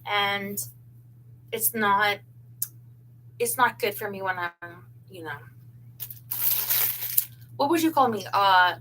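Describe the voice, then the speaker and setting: A woman's voice: medium pitch, slow, long pauses, bright, forceful tone, a little hiss or hum, poor audio. A woman hosting a casual livestream, chatting loosely with lots of fillers as she looks through clothes. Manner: chatty, giggly, fillers like "um" and "you know". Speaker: livestream host. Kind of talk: casual chat while unboxing clothes.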